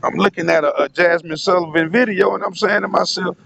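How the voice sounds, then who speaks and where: Man vlogger with a raised pitch, telling a long profane story straight to his audience. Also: fairly even intonation, a little fast, gravelly, a crowd in the background. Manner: rambling, profane, keeps addressing the audience. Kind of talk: casual storytelling monologue.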